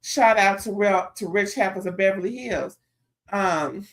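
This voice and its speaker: A woman's voice: mid-range voice, measured pace. A woman recapping a reality TV episode in a casual, chatty commentary full of sassy asides.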